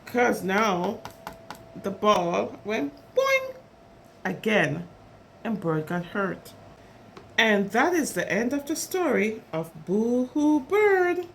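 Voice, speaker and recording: A woman's voice: on the high side, slow pace, vocal fry, slight background noise. A woman reading a picture book aloud to preschoolers, chatting about the pictures as she goes. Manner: animated, chatty, commenting on the pictures. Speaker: storyteller for preschoolers.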